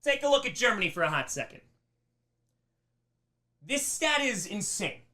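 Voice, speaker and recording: A young man giving a lively history lesson on a charity livestream, asking rhetorical questions and acting out mock quotes. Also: high-pitched, moderate pace. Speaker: streamer teaching history. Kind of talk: energetic classroom lecture. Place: streaming room.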